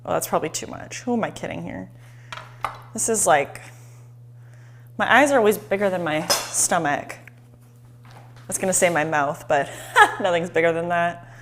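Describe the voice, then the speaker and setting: Excitable woman hosting a live cooking demo. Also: on the low side, normal speed, pauses often, slight background noise. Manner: chatty and excitable, talks straight to viewers. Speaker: cooking show host. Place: home kitchen.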